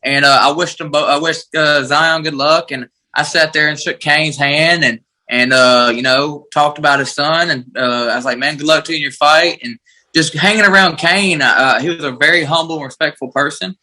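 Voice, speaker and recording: Male fighter, 30s, bright forceful tone; loose, rambling interview answers. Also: a little high, fairly even intonation, normal speed, rough recording. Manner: laid-back, rambling, many "uh" and "man" fillers. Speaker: bare-knuckle fighter.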